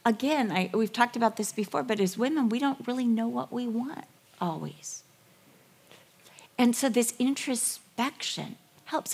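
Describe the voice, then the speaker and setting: A middle-aged woman giving a sermon, telling Bible stories with animated, acted-out dialogue. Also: a little high, unhurried, gravelly, breathy edge. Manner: animated storytelling, acting out voices and whispers. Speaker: women's ministry speaker.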